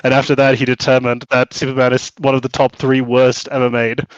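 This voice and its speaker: A man's voice: mid-range voice, completely flat delivery, fairly quick, dry recording, lo-fi sound. Sarcastic, laughing male podcast co-host. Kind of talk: casual reaction chat.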